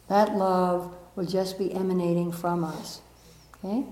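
Gently laughing woman teacher, echoey room. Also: lowish voice, measured pace. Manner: gentle and reflective, laughs often at herself; checks in with the audience by asking questions. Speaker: spiritual teacher. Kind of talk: spiritual talk to a live audience. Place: room with a live audience.

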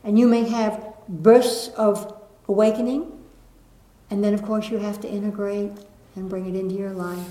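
Woman, spiritual teacher, gentle lilting delivery, live audience, roomy echo. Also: medium pitch, level tone, moderate pace. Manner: gentle, lilting, with soft laughs. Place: room with an audience. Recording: echoey room.

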